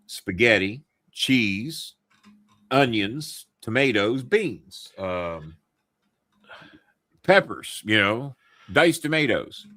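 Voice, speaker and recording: A man's voice: lowish voice, bright, forceful tone, dry recording. A man hosting a live show, telling a loose, profane story full of fillers. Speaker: host. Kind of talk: casual live show chat.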